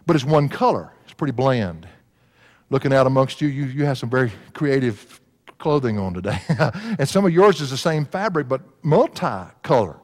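A man preaching a sermon, folksy and laughing at his own stories. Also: fairly high pitch. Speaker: pastor. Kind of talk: sermon with storytelling. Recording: long hall reverb.

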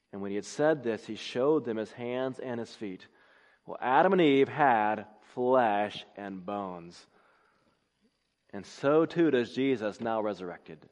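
Man preaching a sermon in a reverberant hall. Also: mid-range voice. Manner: emphatic, builds to rising exclamations.

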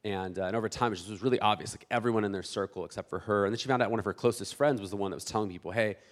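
A man in his thirties preaching a sermon as a pastor, animated and conversational, acting out church members and often restarting his words. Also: fairly low pitch, rapid-fire. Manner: many restarts and repeated words.

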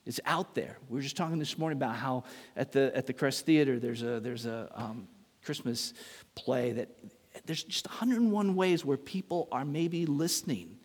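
Animated pastor in a reverberant hall. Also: male voice, mid-range voice, moderate pace. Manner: animated, acts out voices in his story, self-mocking humor. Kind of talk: storytelling sermon.

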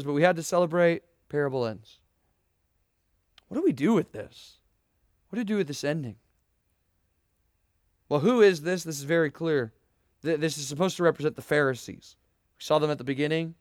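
A young man delivers a sermon in an earnest, emphatic way, firing rhetorical questions at his listeners. His voice sits fairly high for a man. The sound is dry and close, with little room around it. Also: dry recording. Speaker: pastor.

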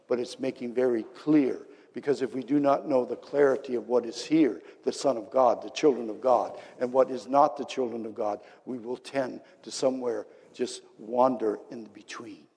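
A man preaching a sermon with great passion, swinging between excited bursts and hushed, low passages. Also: vocal fry. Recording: long reverb of a large hall.

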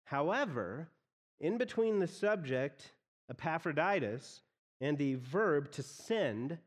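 A man's voice: a little high, expressive, slow, long reverb tail. A man preaching an expository sermon as pastor, often repeating phrases as he explains a text.

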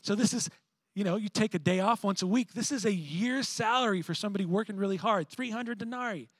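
A man preaching a sermon, moving between animated emphasis and hushed, reflective passages. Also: high voice, brisk, dry recording. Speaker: pastor.

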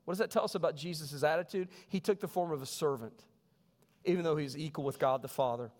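A man's voice: on the high side, fast talker. Man preaching in a reverberant church. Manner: animated storytelling, voices quoted people. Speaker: pastor. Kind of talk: sermon. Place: church sanctuary. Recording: long reverb of a church hall.

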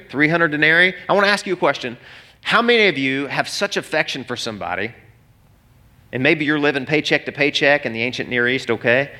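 Bright-voiced man preaching a sermon. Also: a little high. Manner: animated, conversational preaching with restarts. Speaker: pastor. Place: church hall before a congregation.

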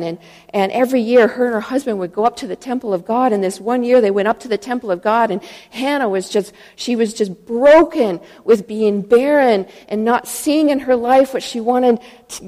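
A woman's voice: fairly high pitch, dark tone, in a large hall. A woman preaching a sermon in a church, earnest and storytelling, retelling scripture stories and acting out the voices in them.

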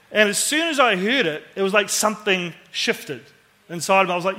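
Casting note: New Zealand preacher, chatty and animated, bright tone. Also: male voice, sits high, brisk. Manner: conversational, animated, acts out quoted voices. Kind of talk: sermon storytelling.

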